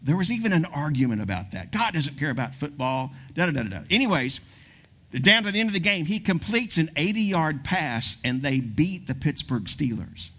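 A man preaching a sermon, telling a story with animation and dropping to a hushed near-whisper to stress key points. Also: a little high, big pitch swings, moderate pace. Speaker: pastor.

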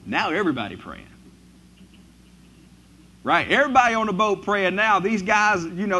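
A man preaching a sermon, reading scripture and then riffing on it, his voice swinging from loud to hushed. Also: on the high side, a little hiss or hum. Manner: animated, swinging from loud to hushed, asks the congregation questions; reads scripture aloud then riffs on it. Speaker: pastor.

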